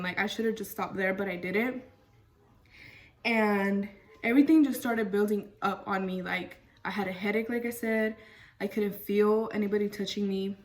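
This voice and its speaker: Chatty young woman telling a story. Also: medium pitch. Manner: chatty, lots of fillers and "freaking". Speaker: vlogger. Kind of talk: casual storytime. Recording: voice a bit far from mic.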